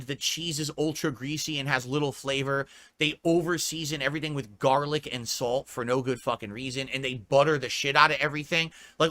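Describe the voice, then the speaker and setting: A man's voice: fairly high pitch, pushed and bright. A man ranting on a live stream, reading chat comments aloud and answering them in a profane, exasperated way. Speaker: livestreamer.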